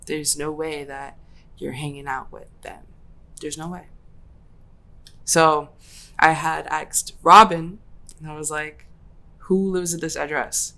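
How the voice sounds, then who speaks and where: A young woman with a low, deep voice hosts a casual podcast, telling a personal story in slangy, animated talk and voicing her own quoted lines. She takes it slowly, leaving long pauses.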